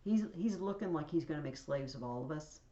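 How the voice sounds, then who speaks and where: A woman's voice: low voice, expressive, brisk, mellow, roomy sound, lo-fi sound. A woman teacher casually explaining a play to a class, with chatty asides, reading scenes aloud.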